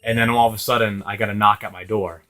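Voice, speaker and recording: He talks fast in a sharp, lowish voice with fairly even intonation. The speaker is a young man from Rhode Island, USA, who runs a gaming channel and spins a long, rambling, profane story over gameplay, laughing often.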